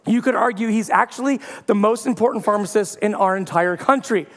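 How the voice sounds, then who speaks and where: High-voiced man preaching in a hall. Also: fairly quick. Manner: storytelling with playful humor and loud bursts. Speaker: pastor. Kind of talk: sermon. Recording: long hall reverb.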